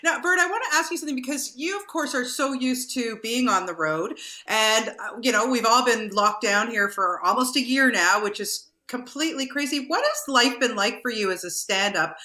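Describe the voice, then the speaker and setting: An enthusiastic woman interviewer talks with a bright, forceful voice. She sits fairly high in her range and fills gaps with "you know". The sound has a roomy echo around her. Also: expressive, normal speed. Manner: enthusiastic, with fillers. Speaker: interview host. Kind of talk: online video interview. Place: Canada.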